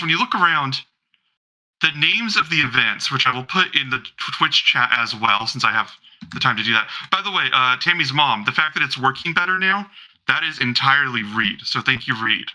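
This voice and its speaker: Man, game master, tabletop game narration, very bright voice, rambling, casual. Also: medium pitch, lively intonation, normal speed, low-quality recording. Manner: rambling, filler-heavy, casual swearing.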